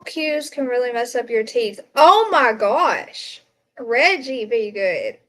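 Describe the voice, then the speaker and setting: A woman's voice: fairly high pitch, animated, slow, a bit bright. Chatty woman hosting a livestream. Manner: chatty, reads viewer comments aloud, gasps and exclaims. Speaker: livestream host. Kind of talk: casual livestream commentary.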